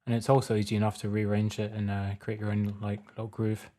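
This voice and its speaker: A man casually talking through a music production tutorial step by step in a relaxed, plain way. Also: lowish voice, quick pace. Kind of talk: casual screen-recorded tutorial.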